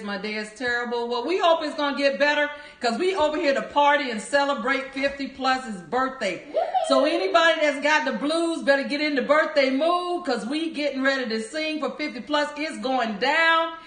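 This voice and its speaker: Her voice sits high with a fairly bright tone, moving at a moderate pace. As host of a livestream recorded in an echoey room, she greets viewers by name and reads their chat comments aloud, staying cheerful, upbeat, and cheering throughout.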